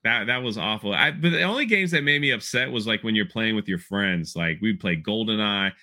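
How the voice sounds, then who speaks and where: Lively, bright-toned storytelling man. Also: lowish voice, brisk. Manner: animated storyteller, laughing often. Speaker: podcast host. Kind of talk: casual podcast chat.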